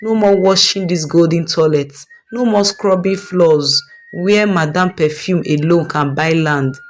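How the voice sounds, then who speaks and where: A woman's voice: on the low side, unhurried, natural voice. A woman plays a worried housecleaner who begs her employer in a pleading, tearful voice. This is a storybook drama voice. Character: anxious older household cleaner woman.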